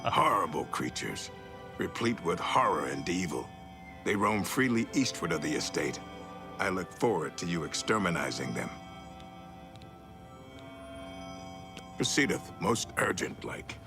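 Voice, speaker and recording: A very deep-voiced, pompous orc nobleman in a fantasy video game. He speaks in lofty, stilted phrases and mangles his big words with full confidence. Game music plays clearly behind him. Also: big pitch swings, moderate pace. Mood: grave. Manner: grandiose speech full of misused words. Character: pompous male orc lord, bumbling noble. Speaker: game character.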